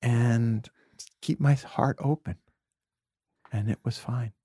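A man's voice: mid-range voice, steady tone, takes it slowly, mellow, breathy edge, no room sound, clean studio sound. A middle-aged man from New York City as a podcast guest, telling earnest, confessional stories in a reflective conversation and sometimes dropping to a near-whisper.

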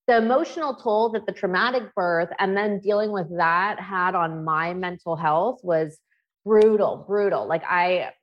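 A woman's voice: mid-range voice, dull audio. A woman in her thirties, a podcast co-host, talking frankly and emotionally in candid personal chat and swearing freely.

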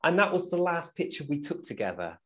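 A man's voice: a little high, sing-song, a little fast, fairly bright tone. A man, a guest musician, telling stories casually and animatedly, often tagging "right?" and laughing as he goes. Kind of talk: casual storytelling.

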